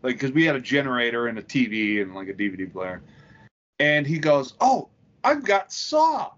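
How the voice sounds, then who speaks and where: A man co-hosting a crude comedy podcast, telling profane stories with excitement. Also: mid-range voice, fairly quick. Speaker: podcast co-host. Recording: dull, slightly lo-fi sound.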